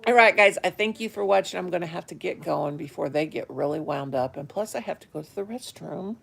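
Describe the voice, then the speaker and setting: A woman's voice: lowish voice, brisk, gravelly, fairly bright tone, husky. A woman chatting casually and affectionately on a phone live stream from home, greeting viewers and her pets. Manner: chatty, affectionate, fond of pet talk. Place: home, indoors.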